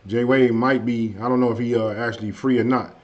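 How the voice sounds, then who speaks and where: A man hosting a casual live stream, chatting loosely with viewers and saying his energy is low tonight. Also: fairly even intonation, fairly quick, darkish tone. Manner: loose and conversational, frequent "hey" and "you know what I mean". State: a bit under the weather, low energy. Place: at home. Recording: dull lo-fi stream audio.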